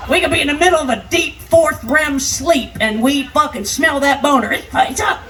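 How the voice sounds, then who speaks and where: Older lady doing dirty stand-up, high voice, loud and crude, far off mic with a noisy crowd. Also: normal speed. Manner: brash and crude, shouting punchlines. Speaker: stand-up comedian. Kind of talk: raunchy live stand-up. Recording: live stage sound, distant, crowd noise. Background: noisy party crowd.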